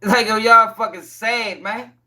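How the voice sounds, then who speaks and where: A man hosting a casual livestream, reading court documents and talking straight to his chat viewers. His voice sits high and sounds bright, sharp and forceful. He talks in blunt, exasperated slang laced with cursing and keeps repeating his points. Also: flat delivery, measured pace. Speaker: livestream news commentator. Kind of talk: casual profane commentary reading court papers.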